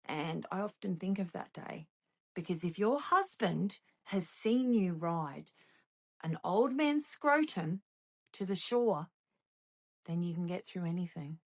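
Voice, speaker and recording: A middle-aged woman with an Australian accent telling a comic personal story, wry and animated, with sharp comic timing. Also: lowish voice, takes it slowly.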